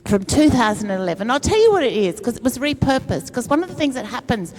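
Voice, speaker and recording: A woman's voice: a little high, very animated, fast, darkish tone, soft background music. A middle-aged woman, a comedian giving a talk at an event and telling a self-mocking, funny story in a chatty way. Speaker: speaker at a climate event. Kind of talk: humorous storytelling speech.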